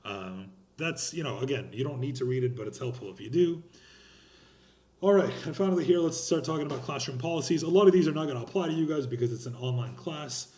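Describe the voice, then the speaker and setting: Talking fast in a warm, mid-range voice, a young college instructor explains course policies in a recorded online lecture. He's rambling, blunt and casual, drops slang, and restarts his sentences, all in a reverberant space.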